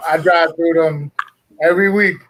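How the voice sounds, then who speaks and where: A male guest on a casual talk show. He speaks in short, measured remarks. His voice sits a little higher than most men's. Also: fairly even intonation, a bit bright, low-quality recording. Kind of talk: casual chat.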